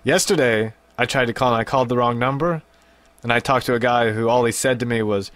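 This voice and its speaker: A man's voice: mid-range voice, quick pace, a bit bright, no echo. A man hosting a casual radio show, talking in a rambling, awkward, self-deprecating way. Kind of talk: casual phone interview.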